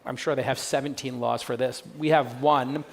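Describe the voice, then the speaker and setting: An American man hosting a live on-stage interview at a summit, talking fast in a joking, animated way. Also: medium pitch, gravelly, a little hiss or hum. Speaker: podcast host interviewing a guest.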